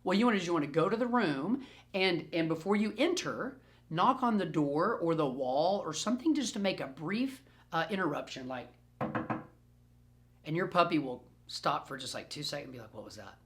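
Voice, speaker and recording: Fielding questions during a group session filmed on his own camera, this dog trainer is lively and playful and repeats phrases to stress them. He speaks at a moderate pace in a fairly high voice.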